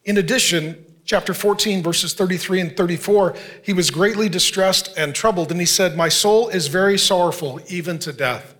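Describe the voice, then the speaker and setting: A man with a high voice delivers a sermon as a pastor. He speaks earnestly and conversationally, and he keeps turning to the congregation with direct questions. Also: moderate pace, few pauses, fairly bright tone.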